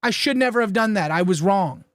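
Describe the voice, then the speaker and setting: A man's voice: high-pitched, expressive, brisk, dry recording, clean studio sound. A man from Florida arguing heatedly and defensively in a podcast talk, swearing often and with emphasis.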